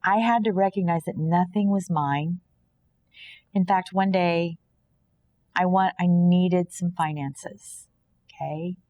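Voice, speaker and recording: Guest, female, from Kansas: fairly low voice, earnest and preachy testimony, slips into quoted dialogue. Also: slow, long pauses, warm tone. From Kansas, USA. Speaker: podcast guest. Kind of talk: personal faith testimony in conversation.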